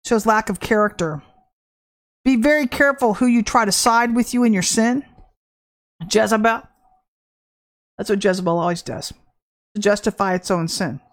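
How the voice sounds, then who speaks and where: A woman delivering a fervent prophetic sermon, emphatic and shifting between drawn-out and rushed phrases. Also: mid-range voice. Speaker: prophetic preacher.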